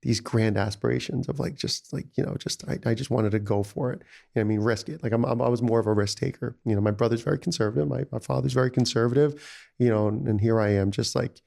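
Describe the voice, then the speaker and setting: A man speaks at an ordinary pitch, with a gravelly, fry-laden grain. He tells stories loosely and animatedly as a guest. He keeps stringing "you know" and "like" between his thoughts. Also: fast talker, darkish tone. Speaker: restaurant founder, podcast guest. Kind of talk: casual storytelling interview.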